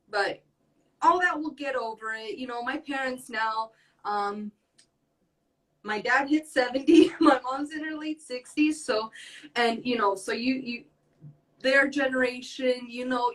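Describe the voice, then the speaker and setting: A woman's voice: a little high, fairly bright tone, far from the mic, low-quality recording. A young woman speaking earnestly as a podcast guest in casual talk, rambling with many fillers. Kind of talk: casual conversation.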